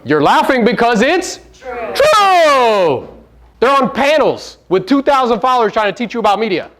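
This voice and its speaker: A man's voice: very high-pitched, animated, fairly quick, a bit bright. A man giving a live motivational seminar talk to real estate agents, brash and profane, firing rhetorical questions at the audience.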